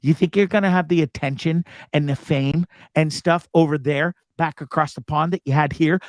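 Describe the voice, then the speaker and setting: A man's voice: a little high, fairly even intonation, moderate pace, no room sound, studio quality. A man hosting a live talk show, ranting casually with lots of profanity. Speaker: host.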